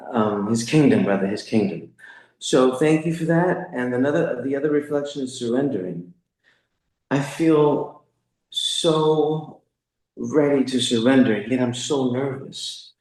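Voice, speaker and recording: A man speaks slowly and haltingly, searching for words with many fillers and restarts as emotion creeps into his voice. His tone has a gravelly edge. The sound is heavily echoey, as if in a bare, roomy space. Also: mid-range voice, a little mellow. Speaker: congregant sharing a reflection. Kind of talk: halting spoken reflection.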